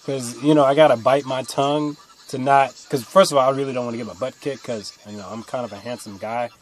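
A young man telling rambling stories to camera in a blunt, casual way, swinging from mutters to loud outbursts. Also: mid-range voice, steady tone, quick pace. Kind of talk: casual storytelling monologue.

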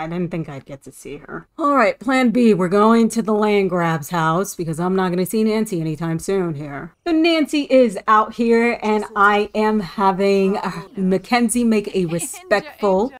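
A woman giving chatty, expressive commentary as she plays a life-simulation game, often talking straight to her characters. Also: medium pitch. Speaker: gaming YouTuber. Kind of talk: Let's Play commentary.

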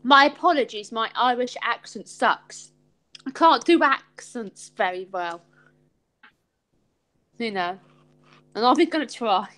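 Brief: woman live-stream host, raised voice, unhurried, rambling and sweary. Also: a little high, animated, bright, forceful tone, rough recording. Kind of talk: casual live chat.

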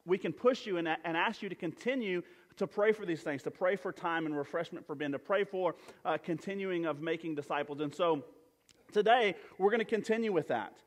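In a church sanctuary with long hall reverb, a pastor preaches conversationally, full of fillers and restarts. His voice is high-pitched and a little fast.

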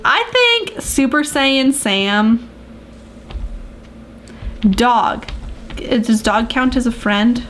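A woman's voice: on the high side, animated, very slow, pauses often, a bit bright, a little hiss or hum. A woman hosting a let's play of a farming game, playful and chatty, full of gasps and asides. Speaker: gaming video host.

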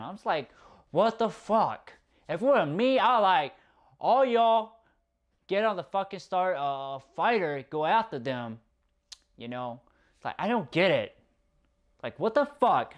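Exasperated man ranting with a lively pitch. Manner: exasperated, profane, repeats himself. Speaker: movie reviewer. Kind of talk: casual ranting review.

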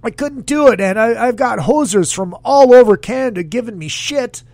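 A man with a high, gravelly voice hosts a casual podcast, rambling and joking crudely. His pitch swings all over the place as he reacts to listener comments. The sound is dry and close. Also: expressive, moderate pace, a little mellow, no room sound. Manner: rambling, crude, jokey, reads chat comments aloud. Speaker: podcast host. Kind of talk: casual solo podcast chat.

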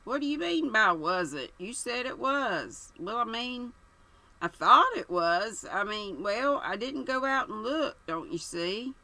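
A woman voicing a dithering, foppish young English gentleman who stammers and rambles in an audiobook reading. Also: a little high, expressive, a little slow, voice pushed up, full character voice, rough recording. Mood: rambling. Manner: stammering, rambling filler phrases.

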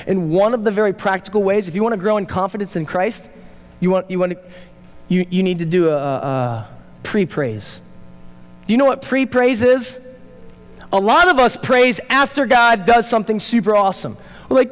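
A man pastor preaching a sermon in a church, emphatic, rising to loud urgent peaks and dropping to low quiet asides. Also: animated, normal speed. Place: church sanctuary. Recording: church hall reverb.

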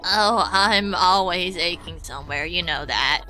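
A woman's voice: measured pace, sharp tone, soft background music. A woman putting on a wry old granny sniper. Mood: weary. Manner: low granny voice. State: hoarse.

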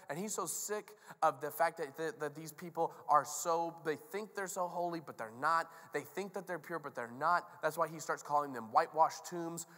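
A male pastor preaching a sermon in a casual, joking, storytelling manner. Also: on the high side. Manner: conversational, joking, animated storytelling. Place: church sanctuary. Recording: long reverb of a large hall.

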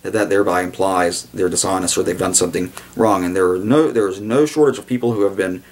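A man's voice: low voice, quick pace, darkish tone. A man giving a blunt, digressive video commentary, with sarcastic asides and sudden mock voices for the people he quotes. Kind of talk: casual commentary monologue.

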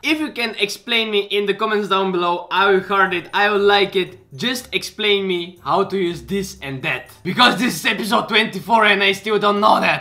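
A man, hosting and commenting on clips in a reaction video, excitable and quick to exclaim and laugh. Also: high-pitched. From Bulgaria. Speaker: host.

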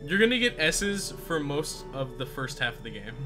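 A man's voice: a little high, sing-song, normal speed. A young man co-commentating a video game playthrough, chatty and explanatory. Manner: explanatory, laid-back, chatty. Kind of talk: casual let's-play chat. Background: game music.

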